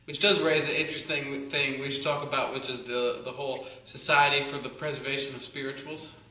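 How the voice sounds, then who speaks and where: A man's voice: mid-range voice, fairly even intonation, bright, forceful tone, echoey room, low-quality recording. A man hosting an interview, chatting casually and asking curious questions. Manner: chatty and curious, quick to react. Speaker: podcast host.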